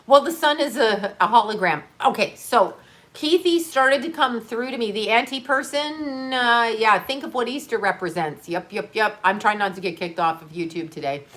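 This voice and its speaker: A middle-aged woman hosting a livestream chats casually, reading comments, rambling, laughing often, and addressing her viewers directly. Her voice is on the high side and fairly bright, at normal speed.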